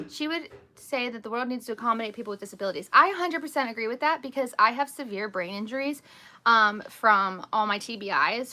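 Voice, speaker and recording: Speaking at a medium pitch, a woman in her thirties runs a laid-back live stream from home, where she chats and tells rambling stories in an animated manner.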